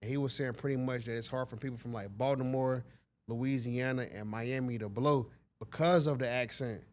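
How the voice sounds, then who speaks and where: A man's voice: medium pitch, steady tone, moderate pace. A man hosting a casual interview, asking questions in a laid-back, slangy way. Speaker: podcast host.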